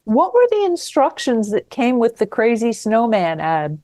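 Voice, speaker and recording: A woman's voice: on the high side, sing-song, a little slow, dark tone, dry recording. A woman hosting an interview show, asking engaged follow-up questions. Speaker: show host.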